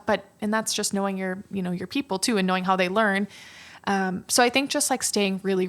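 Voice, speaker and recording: A woman guest on a podcast who runs her own business. She talks casually and meanders, leaning on fillers as she thinks aloud. Her voice sits at an ordinary middle pitch for a woman. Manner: rambling, many fillers like "like" and "you know". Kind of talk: casual chat.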